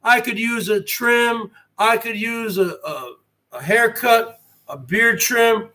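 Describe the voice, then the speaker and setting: A man's voice: extremely high pitch, slow, pushed and bright. A man hosting his own live stream, rambling and boasting in a wrestling-promo style and firing off rhetorical questions at his viewers.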